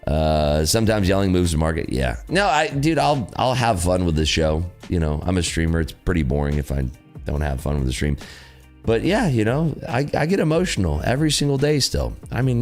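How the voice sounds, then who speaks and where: A man hosting a live day-trading stream, talking casually and bluntly with lots of swearing and laughter. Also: low-pitched. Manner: blunt, profane, laughing, animated. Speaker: livestream host, day trader. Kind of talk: casual livestream chat.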